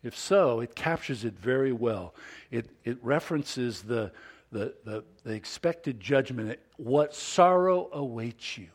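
A middle-aged man preaching a sermon as pastor, folksy and self-deprecating, stumbling over restarts and swinging from soft asides to loud emphasis. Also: mid-range voice, lively intonation, a little slow, slightly rough. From Southern California.

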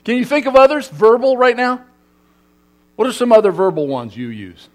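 This middle-aged man from Southern California has an extremely high, sing-song voice and a moderate pace. Talking to a live congregation, he playfully quizzes them and jokes around in a lively way.

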